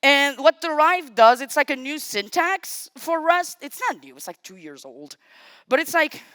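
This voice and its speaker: A woman giving a live-coding talk at a conference. She is chatty and casual, makes self-deprecating asides, thinks out loud as she types, and speaks directly to the audience. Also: sits high, sing-song, measured pace, no room sound. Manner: thinks aloud while typing, talks to the audience. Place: conference stage.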